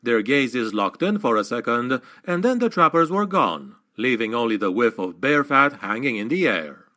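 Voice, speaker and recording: A man narrating a fantasy audiobook in an expressive, dramatic reading. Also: mid-range voice, moderate pace.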